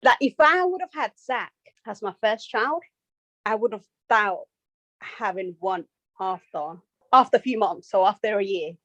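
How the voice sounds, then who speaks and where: A young woman, a mother of two, chatting on a podcast and telling stories with lively self-quoting. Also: medium pitch, unhurried, no echo. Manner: animated storytelling, quoting herself. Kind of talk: casual chat.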